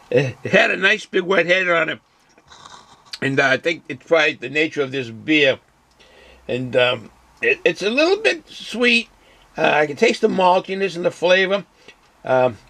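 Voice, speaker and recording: Gravelly bright-voiced guy rambling through a beer review, lots of ums. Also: on the high side, normal speed, pauses often, dry recording. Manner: relaxed, rambling, many fillers; chews and hums while eating. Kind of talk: casual beer review vlog.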